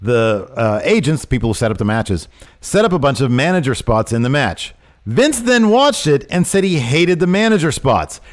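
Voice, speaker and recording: Animated man ranting on a podcast. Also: mid-range voice, normal speed. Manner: animated, rising to outraged emphasis. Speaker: podcast co-host. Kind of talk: casual wrestling news chat.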